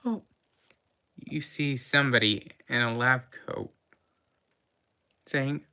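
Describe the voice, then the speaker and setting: A woman running a tabletop game as game master, narrating the party's dice rolls and actions in a halting way with frequent pauses. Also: extremely low pitch, bright, forceful tone, smooth.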